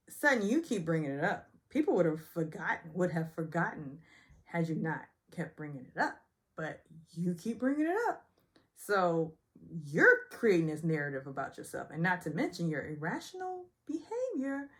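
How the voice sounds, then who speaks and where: A woman's voice: lowish voice, big pitch swings, normal speed. A woman from the Southern United States recapping a reality show in a chatty, gossipy way with sarcastic asides. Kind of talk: casual recap vlog.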